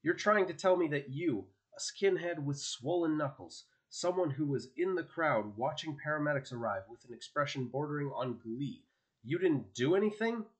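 A man's voice: mid-range voice, lively intonation, moderate pace, natural voice. A man reading an audiobook and voicing a fierce teenage superheroine who talks down a thug in a hard, commanding, scornful way. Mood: menacing.

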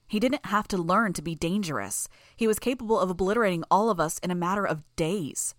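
A woman narrating a fan audiobook in first person, reading in an even, steady way. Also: on the low side, brisk, hardly any pauses, dry recording.

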